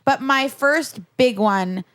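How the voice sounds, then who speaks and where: A young woman guesting on a podcast, chatting casually and telling quick, bubbly stories in which she acts out other people's lines. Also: high-pitched, a bit bright, no room sound. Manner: bubbly, fast storyteller who acts out voices. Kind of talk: casual chat.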